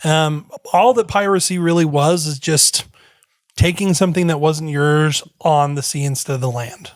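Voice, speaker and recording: A man's voice: on the high side, moderate pace, no room sound, clean studio sound. A man co-hosting a podcast, chatty and joking as he explains the topic. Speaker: podcast co-host. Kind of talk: casual chat.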